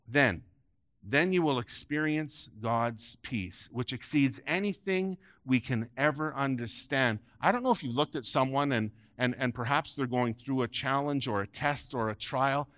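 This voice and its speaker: A man's voice: medium pitch, measured pace, fairly bright tone, no room sound. Emphatic male preacher, dry close sound. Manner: emphatic preaching with rising peaks and dropping phrase ends. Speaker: pastor. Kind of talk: sermon. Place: church sanctuary before a congregation.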